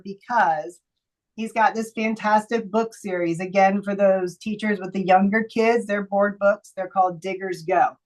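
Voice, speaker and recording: A woman's voice: medium pitch, rough recording. Enthusiastic woman presenting to teachers. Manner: enthusiastic, chatty, playful with silly voices and sing-song bits. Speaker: teacher trainer presenting book picks.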